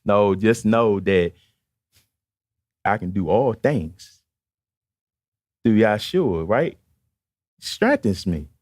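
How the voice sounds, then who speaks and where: A man's voice: lowish voice, expressive, extremely slow, long pauses, a little mellow, dry recording, studio quality. A man preaching a sermon in an emphatic, conversational way, repeatedly calling out to the congregation, with a Baltimore accent.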